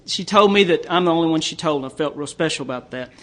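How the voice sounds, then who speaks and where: A Southern US man giving a recovery talk at a conference, telling folksy stories that build to joke punchlines. His voice sits high for a man, and he often stammers and restarts mid-sentence. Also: fast talker, a bit bright. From Tennessee, US. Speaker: AA speaker.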